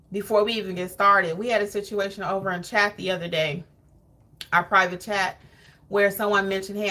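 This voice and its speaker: Bright-voiced animated woman host. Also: mid-range voice. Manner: animated, preachy, laughs often. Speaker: host of a notary training channel. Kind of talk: live stream chat, reading viewer comments.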